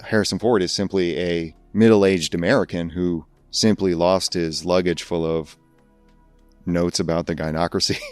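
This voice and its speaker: Low-voiced man riffing on a podcast. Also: darkish tone, smooth, dry recording. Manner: rambling, laughs at his own jokes. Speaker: podcast host. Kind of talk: comedic podcast monologue.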